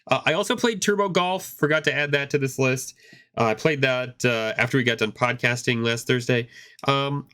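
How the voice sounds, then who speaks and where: His mid-range voice has a sharp tone, though it's hoarse from a cough he keeps fighting off. He's a man co-hosting a gaming podcast, chatting loosely and restarting his thoughts often.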